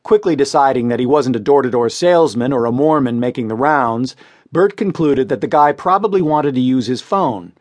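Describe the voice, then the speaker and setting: A man reading crime stories as an audiobook narrator, in steady, measured scripted narration. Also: medium pitch, no echo.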